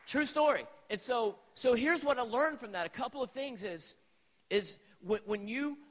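A man in his forties telling a personal story as a sermon to a live youth audience, animated and talking straight to the crowd. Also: extremely high pitch, normal speed. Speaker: preacher at a youth event. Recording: echoey hall.

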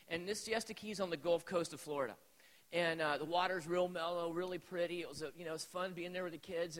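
A man in his forties telling a personal story as a sermon to a live youth audience, animated and talking straight to the crowd. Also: high-pitched. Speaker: preacher at a youth event. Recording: echoey hall.

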